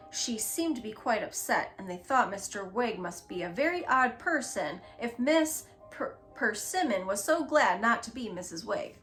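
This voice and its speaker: Lady reading a kids' storybook, gentle and expressive, fairly high voice, faint music under it. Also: normal speed, hardly any pauses. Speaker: storybook reader. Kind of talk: children's book read-aloud.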